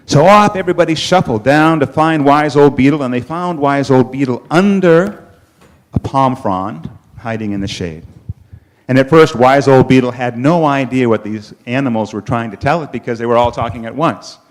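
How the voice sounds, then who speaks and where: A man telling a children's story at a worship service, animated, with dramatic pauses. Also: mid-range voice.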